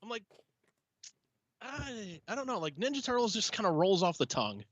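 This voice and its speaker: A blunt, bright-voiced man swearing casually. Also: high voice, very animated, moderate pace, dry recording, muffled recording. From not from the UK. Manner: blunt, swears freely, laughs often. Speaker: podcast co-host. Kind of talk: casual chat.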